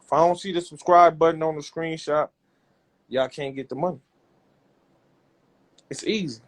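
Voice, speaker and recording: A man who runs a rap label, talking loud and profane in repetitive hype bursts while he pushes a cash giveaway on a livestream. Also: a little high, unhurried, long pauses. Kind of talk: hyped social media livestream.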